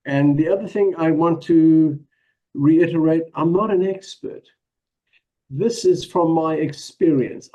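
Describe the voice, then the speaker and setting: A man's voice: medium pitch, a little mellow, lo-fi sound. A man with a South African accent, giving a casual presentation as a guest, modest and hesitant, with many ums and small laughs.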